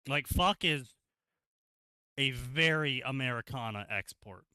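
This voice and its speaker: Male streamer, bright and smooth-toned, animated and sarcastic, crude asides, dry close mic. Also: mid-range voice, a little slow, dry recording. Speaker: co-host reading fanfiction aloud. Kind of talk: casual livestream commentary.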